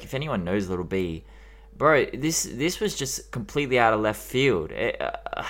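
A man's voice: on the low side, fairly bright tone. A young Australian man with an Australian accent, chatting enthusiastically on a casual music podcast and swearing freely. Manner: enthusiastic, swears freely, repeats himself for emphasis. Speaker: podcast co-host.

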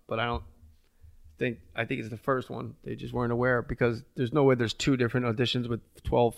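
Gravelly comedian telling animated stories. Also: male voice, medium pitch, no room sound, studio quality. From New Jersey. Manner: acts out voices in his stories, swears freely. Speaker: comedian guest. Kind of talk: animated storytelling.

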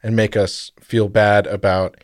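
A man's voice: fairly low pitch, little pitch movement, a little slow, dry recording, studio quality. A man co-hosting a podcast, telling a story in a rambling, jokey way and correcting himself as he goes. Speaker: podcast co-host. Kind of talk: casual podcast chat.

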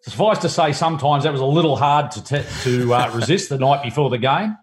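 A man's voice: medium pitch, a little fast, a little hiss or hum. A man, a former cricketer turned TV producer, reminiscing in a rambling way with frequent restarts. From Australia. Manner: rambling, many restarts and fillers. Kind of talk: casual storytelling.

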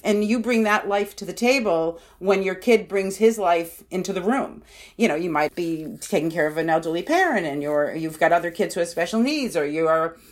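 A parenting author with a medium-pitched voice answers interview questions conversationally and explains things, often saying "you know" and acting out what parents and kids say.

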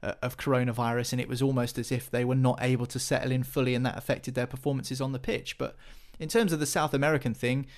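A man's voice: mid-range voice, little pitch movement, fast talker, hardly any pauses. Chatty male football pundit. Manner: chatty, many restarts and fillers. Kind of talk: casual football chat.

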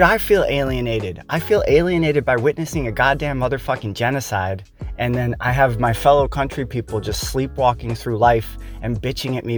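An American man hosting a podcast, delivering a heated, profane political rant with emphatic stresses. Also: medium pitch. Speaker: podcast host.

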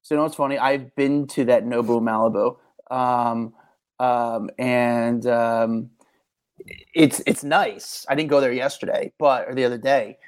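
A man's voice: medium pitch, fairly even intonation, measured pace. A man co-hosting a podcast, telling rambling stories with many fillers and restarts. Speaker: podcast co-host. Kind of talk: casual chat.

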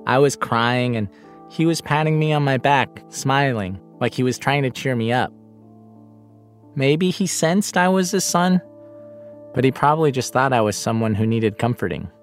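A man narrating a personal podcast in a quiet, reflective scripted voice. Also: mid-range voice, moderate pace, faint music behind.

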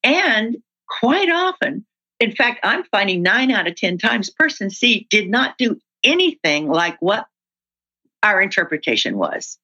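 Bright-voiced woman, animated storyteller. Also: medium pitch, unhurried, breathy edge, rough recording. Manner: animated storyteller who acts out example dialogue. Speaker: guest, workplace communication trainer. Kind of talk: conversational interview.

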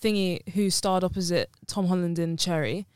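A young woman co-hosting a podcast, chatting in an upbeat, emphatic way and leaning on fillers. Her voice is on the lower side for a woman. The recording is dry and close to the mic. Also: fairly even intonation, normal speed, darkish tone, clear, resonant tone, no room sound. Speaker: podcast co-host. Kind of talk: casual chat.

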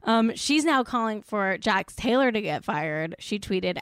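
A woman's voice: medium pitch, animated, measured pace, hardly any pauses, fairly bright tone, smooth, no room sound, studio quality. A woman giving exasperated, sarcastic commentary in a casual vlog, filling her talk with "like".

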